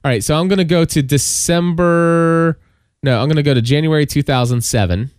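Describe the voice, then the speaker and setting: A man hosting a podcast in casual chat, talking fast with many stammered restarts. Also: on the high side, darkish tone, clean tone, dry recording, studio quality. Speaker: podcast host.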